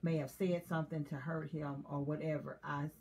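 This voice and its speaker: A woman's voice: sits low, little pitch movement, normal speed, a little mellow. Candid woman in casual chat. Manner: candid, confessional, laughs often. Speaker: co-host.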